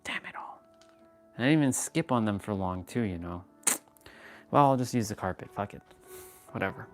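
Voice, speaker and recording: Low-voiced man giving frank self-help talk. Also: animated, a little fast, faint music behind. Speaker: fitness livestream host. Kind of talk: casual livestream chat.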